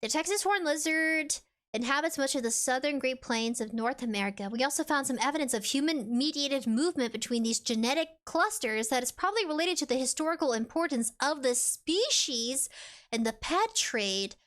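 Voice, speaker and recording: Animated and a bit bright, this woman's voice sits high and moves at a moderate pace. She's a VTuber streamer chatting casually with viewers, playfully rambling as she reads out chat and game text.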